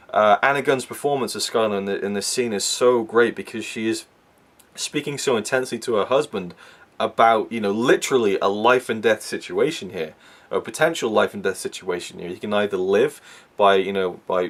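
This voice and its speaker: A man talking through a TV episode in a casual spoken review, animated and tripping over repeated words as he restarts his sentences. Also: fairly low pitch.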